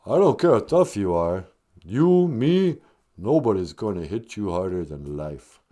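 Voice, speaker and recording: A man putting on the voice of a gravelly, mumbling tough-guy boxer who phones in to a show. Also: lowish voice, big pitch swings, dark tone, voice pushed down. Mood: gruff. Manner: mumbling, halting, slurred tough-guy drawl. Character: gravelly tough-guy boxer calling in, male, middle-aged. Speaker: caller.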